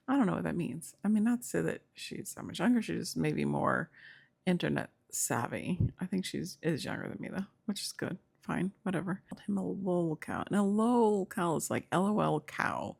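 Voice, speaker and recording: A woman's voice: fairly low pitch, gravelly, husky. A middle-aged woman chatting casually as a YouTube commentator, rambling and digressive with small chuckles. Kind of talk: casual chat.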